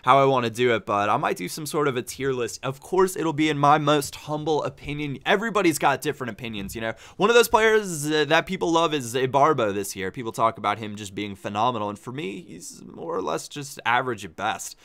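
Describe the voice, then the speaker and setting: A man's voice: medium pitch, big pitch swings, a little fast, hardly any pauses, a bit bright. A man hosting his gaming channel, giving casual, chatty commentary over his football match and thinking aloud as he plays. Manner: chatty, upbeat, thinks aloud while playing.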